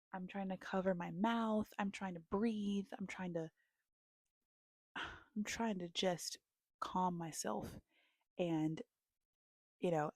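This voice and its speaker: A woman's voice: lowish voice, no echo, studio quality. A young woman giving casual book recommendations to her viewers, telling stories with lots of feeling and now and then dropping into a whisper. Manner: animated storytelling, dropping into whispers at moments. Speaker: book vlogger.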